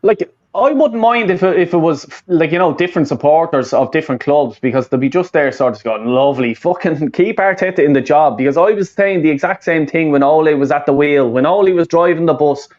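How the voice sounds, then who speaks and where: A man's voice: a little high, fairly quick, hardly any pauses, darkish tone, lo-fi sound. A man, hosting a casual football fan chat, rambling and swearing with lots of fillers and restarts. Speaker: fan channel host.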